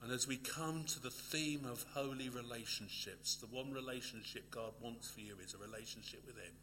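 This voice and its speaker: A man delivering a sermon in a bright, forceful voice. He builds to loud emphatic peaks, then sinks to an intimate near-whisper, repeating key phrases for weight. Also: medium pitch, moderate pace, a little hiss or hum. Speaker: preacher.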